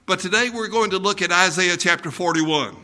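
An older man preaching a sermon, folksy and unhurried, with frequent ums and uhs. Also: high voice, sharp tone. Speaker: pastor.

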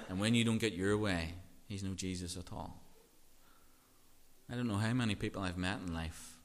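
A man preaching a sermon as pastor, emphatic and repetitive, swinging between hushed and loud. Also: on the low side. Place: church. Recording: long reverb of a church hall.

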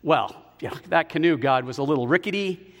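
A man's voice: fairly high pitch, fairly quick, pitched below the performer's own voice. A man voicing a stubborn flood victim who pleads and justifies himself, with long hall reverb. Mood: complaining. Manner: pleading, then self-justifying. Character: stubborn flood victim waiting on God, male.

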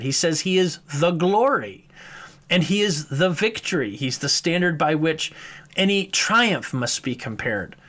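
Male preacher, slightly higher voice, measured teaching delivery for a devotional. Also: a bit bright. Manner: measured teaching, slows down to read scripture aloud. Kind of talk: morning devotional sermon.

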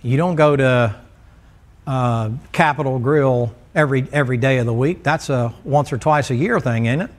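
A man's voice: mid-range voice, normal speed. A male preacher, delivering a folksy, joking sermon to a congregation in a church. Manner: folksy, joking storyteller who teases the congregation.

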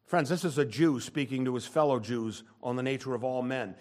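An older man preaching a sermon as pastor, emphatic, swinging between forceful declarations and quieter asides. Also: medium pitch, a little fast.

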